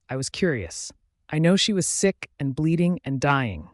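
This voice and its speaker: A man narrates a romance audiobook in the first person, earnest and a little hurried. His voice sits somewhat high for a man. The recording is close-miked and dry. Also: sing-song, no room sound.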